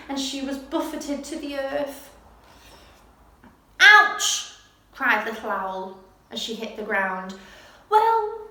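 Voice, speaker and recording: A woman hosting a children's story corner, reading a bedtime story with expressive, animated narration. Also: high voice. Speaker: storyteller host. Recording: very echoey room.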